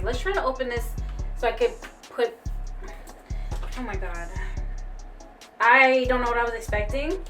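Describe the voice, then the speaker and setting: A woman's voice: fairly high pitch, distant mic. A woman beauty vlogger gushing and exclaiming as she unboxes makeup, swearing casually as she goes. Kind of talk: excited unboxing chat.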